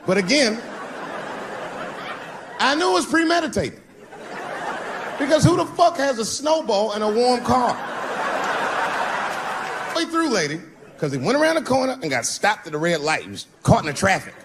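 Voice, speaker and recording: A man performing stand-up comedy on stage in front of a live audience, animated and bursting into shouts. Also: extremely high pitch, moderate pace, pauses often. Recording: noisy live show recording.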